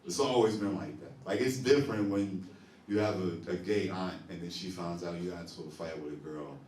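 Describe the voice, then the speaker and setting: Captured from afar in a roomy live club recording with a little hiss or hum, a young comic does a stand-up set. His low voice runs a little fast, and he's animated, laughing a lot and bantering back at the crowd.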